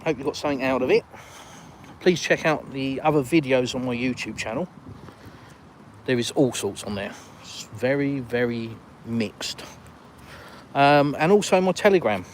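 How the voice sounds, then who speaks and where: A retired Englishman hosting a live stream outdoors, reading out viewer comments and answering them in relaxed, chatty talk. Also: medium pitch, normal speed, a little hiss or hum. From England. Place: outdoors in a village, walking.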